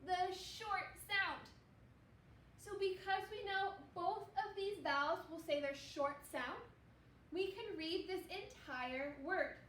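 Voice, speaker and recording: A woman teaching a second grade phonics lesson, slowly sounding out words and praising young children. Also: very high voice, lively intonation, fairly bright tone, recorded from a distance. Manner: slow, encouraging, sounding out words. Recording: echoey room, faint background noise.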